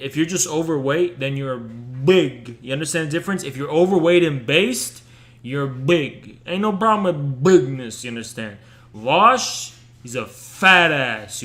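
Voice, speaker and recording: A man hosting a live stream with crude, taunting trash talk. He talks slowly, in a slightly high voice. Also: fairly bright tone. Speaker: streamer host.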